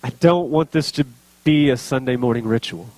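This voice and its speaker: A man's voice: mid-range voice, normal speed, darkish tone, no echo. A man preaching a sermon as pastor, speaking earnestly and building to emotional intensity.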